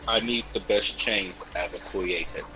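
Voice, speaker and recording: A man's voice: sits low, measured pace, sharp tone, rough recording. A man playing a tabletop game, plainly describing his character's actions. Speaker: player.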